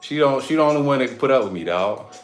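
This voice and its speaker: A man's voice: medium pitch, animated, fast talker, roomy sound, faint music behind. A man in his thirties hosting a live stream in a casual, rambling, playful way, laughing often between his words.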